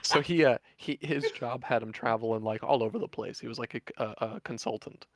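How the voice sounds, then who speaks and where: A man's voice: medium pitch, a little fast, no room sound. A man streaming, chatting casually and telling a long story with lots of fillers and swearing. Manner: laid-back storyteller, many fillers and swearing. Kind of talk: casual chat.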